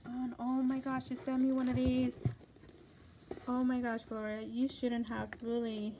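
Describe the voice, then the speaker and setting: A middle-aged woman hosting a craft channel, chatting casually and excitedly as she unboxes gifts. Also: fairly high pitch, measured pace, noisy background. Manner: gushing, excited, gasping exclamations. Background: paper crinkling.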